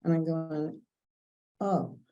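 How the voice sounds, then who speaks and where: Older kentucky lady telling stories, low pitch, super warm dark tone. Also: fairly even intonation, slow pace, muffled recording. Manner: chatty, anecdotal, quotes others in dialogue. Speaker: interviewee. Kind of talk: casual storytelling.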